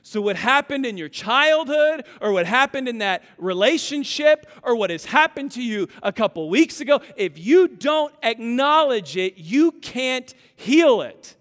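A man preaching with a very high, bright, forceful voice. He tells emphatic stories and plays the people in them. His voice rings with long reverb in a church hall. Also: sing-song, a little slow, hardly any pauses. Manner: storytelling, emphatic, acts out family voices. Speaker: pastor. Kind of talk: sermon.

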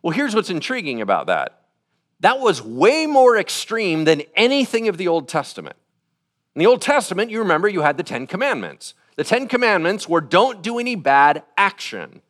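A man's voice: high voice, big pitch swings, brisk, fairly bright tone. A middle-aged man preaching a casual, conversational sermon, acting out quotes as he goes. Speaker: pastor.

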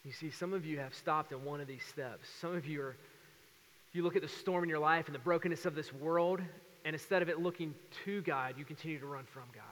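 A man in his thirties preaching a sermon as pastor, telling stories with lively acted-out voices. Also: on the high side, a little fast, big-room sound. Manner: animated storytelling with acted voices.

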